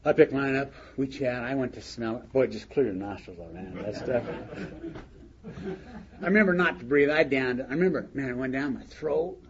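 Speaking briskly at a medium pitch, an older man shares a humorous personal story at a recovery meeting, folksy in manner and chuckling at his own words. The setting is a meeting hall, captured in a dull lo-fi recording with faint hiss.

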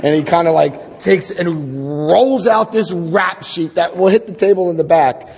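A middle-aged man from New Jersey telling a personal recovery story, wryly and self-deprecatingly, acting out dialogue with halting restarts. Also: on the high side, vocal fry, a little mellow, slightly rough. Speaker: speaker sharing his recovery story. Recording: long hall reverb.

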